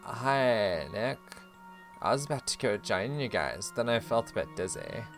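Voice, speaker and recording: A man voicing a young woman rock singer who has taken drugs, speaking weakly, slowly and with slurred words. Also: mid-range voice, animated, fairly bright tone, soft background music. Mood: weak, slurring. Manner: slow, weak, slurred speech.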